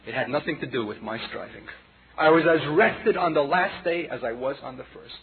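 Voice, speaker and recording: A man in his forties preaching a personal testimony sermon, impassioned and dramatic, swinging between hushed passages and loud outbursts. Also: a little high, a little fast, crowd noise. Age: 40s. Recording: tinny lo-fi sermon tape with audience noise.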